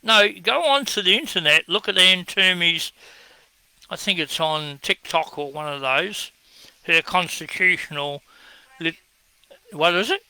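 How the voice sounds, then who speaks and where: Blunt, gravelly Australian man. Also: high-pitched, measured pace, pauses often, pushed and bright, no echo, rough recording. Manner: blunt, scornful, argumentative. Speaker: online commentator answering viewer comments. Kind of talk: combative monologue.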